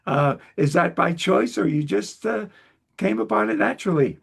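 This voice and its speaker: A man from Long Island hosting an interview in a chatty, self-deprecating way, quick to laugh. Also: high voice, creaky, breathy edge. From Long Island, United States. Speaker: host. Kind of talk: conversational interview.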